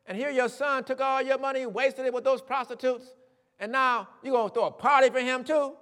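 A man's voice: very high voice, fairly even intonation, a little fast, fairly bright tone, in a large hall, pitched above the performer's own voice. A man voicing an indignant older brother who complains that his years of loyal service went unrewarded. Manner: complaining, incredulous.

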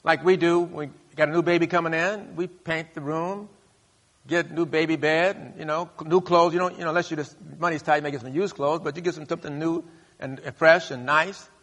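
Bright-voiced male pastor preaching in a hall. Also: fairly even intonation, brisk. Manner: call-and-response preaching, rising to loud high bursts. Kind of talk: sermon. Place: church sanctuary. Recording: long hall reverb.

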